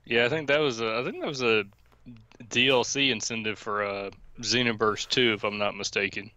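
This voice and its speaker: A man's voice: on the low side, steady tone, brisk, sharp tone, dull audio. A young man co-hosting a stream, chatting casually and hesitantly with many fillers. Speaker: stream co-host. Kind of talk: casual chat.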